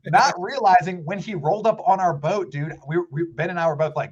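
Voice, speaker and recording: A man guest on a fishing podcast, telling a story in a lively, casual way and acting out what people said. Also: high voice, fairly quick, few pauses, highs cut off. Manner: animated, acts out quoted voices.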